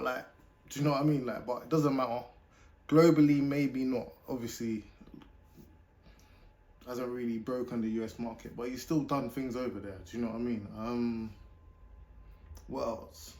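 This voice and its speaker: A British man hosting a reaction video, chatting casually and pausing a rap track to comment on it. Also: medium pitch.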